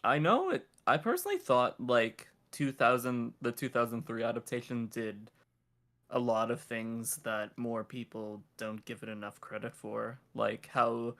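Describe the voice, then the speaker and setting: A man's voice: mid-range voice, a little slow, a bit bright. A man in a casual chat, talking enthusiastically and rambling with fillers. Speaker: guest.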